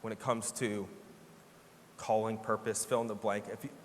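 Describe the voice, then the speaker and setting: A man preaching a sermon as pastor, telling a lively story with laughter and playful imitations. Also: fairly low pitch, moderate pace, a little hiss or hum. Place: church sanctuary. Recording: church hall reverb.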